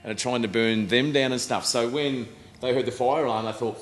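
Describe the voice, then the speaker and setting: A man's voice: mid-range voice, steady tone, normal speed, few pauses, slight background noise. A man in his thirties with an Australian accent, a band member rambling through anecdotes in casual chat and swearing freely. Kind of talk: casual storytelling.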